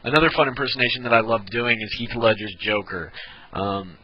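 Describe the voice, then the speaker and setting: A man's voice: medium pitch, fairly quick, slightly rough, highs cut off. A man giving a casual tutorial on doing voice impressions, often restarting mid-sentence as he explains. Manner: demonstrating, frequent restarts. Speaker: voice impressions teacher.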